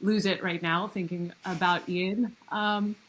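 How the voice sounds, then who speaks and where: A woman's voice: on the low side, fairly even intonation, unhurried, a bit bright, rough recording. A woman hosting a podcast interview, openly emotional and effusive, gushing thanks and praise at her guest. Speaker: podcast host. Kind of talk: interview conversation.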